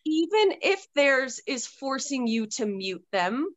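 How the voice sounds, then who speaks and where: A woman author talking candidly on a podcast, swearing freely and breaking into animated outbursts. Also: high voice, slow, no echo, highs cut off. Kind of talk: casual podcast chat.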